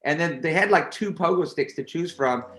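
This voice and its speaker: A man who is a stunt performer, guesting on an interview, talking in a playful, teasing and animated way. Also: fairly high pitch, normal speed, echoey room. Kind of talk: casual interview chat.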